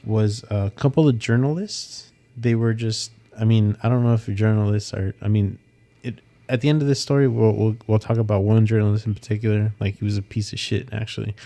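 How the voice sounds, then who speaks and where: A man's voice: lowish voice, fairly even intonation, a little fast, dark tone. A man co-hosting a podcast, rambling through a story in casual chat and swearing freely. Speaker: podcast co-host.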